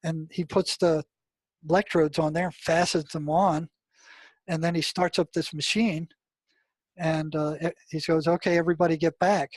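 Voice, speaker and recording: A man's voice: a little high, unhurried, husky, dry recording. Older man telling a story animatedly. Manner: animated, many restarts, exclaims when recounting. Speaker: guest, retired mental health practitioner. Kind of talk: storytelling interview talk.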